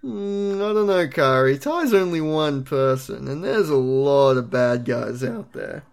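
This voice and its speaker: A podcast host putting on the voice of a doubtful, gloomy teenage boy who talks slowly. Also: mid-range voice, expressive, vocal fry.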